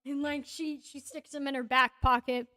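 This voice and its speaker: High-voiced woman game master. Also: steady tone, moderate pace, a bit bright. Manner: casual, rambling with fillers. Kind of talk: narrating a tabletop game.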